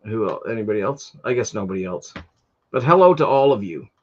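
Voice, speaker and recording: A man with a low, husky voice chats casually on his own stream. He rambles, stops to restart himself and leans on fillers. The sound is a bit dull and lo-fi. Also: lively intonation, quick pace. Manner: rambling, many fillers, gets heated retelling. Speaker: livestream host. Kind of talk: casual storytelling chat.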